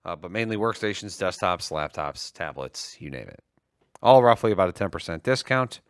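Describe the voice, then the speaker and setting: A man's voice: deep voice, smooth, no room sound, studio quality. A man co-hosting a casual tech and gaming livestream, joking around and reading sales promos. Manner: joking, animated, reads promos quickly. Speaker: livestream co-host.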